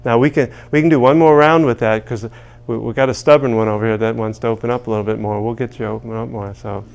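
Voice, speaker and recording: A man's voice: mid-range voice, steady tone, fast talker, vocal fry, clean tone, highs cut off. A man leading a live group through a tapping session, joking and calling out phrases for them to repeat. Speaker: tapping workshop leader.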